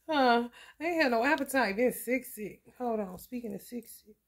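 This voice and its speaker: A woman's voice: on the high side, animated, normal speed. A woman, talking loosely and profanely in a casual tarot vlog. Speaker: tarot reader.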